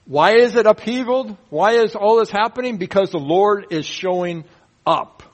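A man with a slightly high voice teaching the Bible verse by verse. He keeps it animated, firing rhetorical questions and punctuating points with playful sound effects. Folksy, humorous asides break up the teaching. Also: moderate pace, poor audio.

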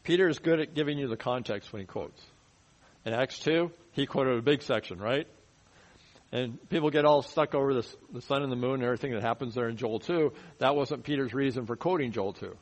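A man's voice: a little fast, poor audio. Man preaching a conversational Bible sermon. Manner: conversational teaching, drops his voice low for emphasis. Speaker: pastor. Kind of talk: expository sermon.

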